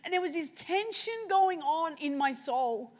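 A woman preacher telling a personal story in a sermon, shifting between hushed and loud moments. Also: high-pitched, measured pace.

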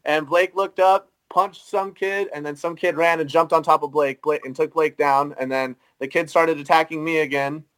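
A man's voice: a little high, steady tone, moderate pace, few pauses, a bit bright, low-quality recording. A young man co-hosting a podcast, telling a story animatedly and filling his speech with "like" and "dude". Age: young adult. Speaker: podcast co-host. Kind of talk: casual storytelling.

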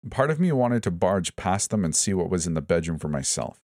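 Deep-voiced male horror narrator. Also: very animated, fairly quick, darkish tone, dry recording, clean studio sound. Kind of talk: first-person horror story narration.

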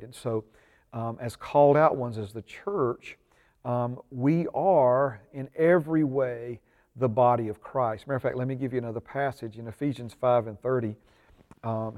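A man's voice: medium pitch, a little mellow. A man teaching a church discipleship class, earnest and full of ums, rising with emphasis when he reads scripture aloud. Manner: frequent ums and uhs; prays aloud.

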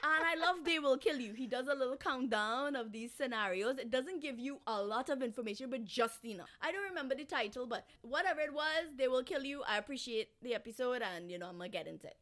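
A woman co-hosting a casual true-crime chat, animated and profane, with laughing asides. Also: sits high, fast, few pauses. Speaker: podcast co-host telling a case.

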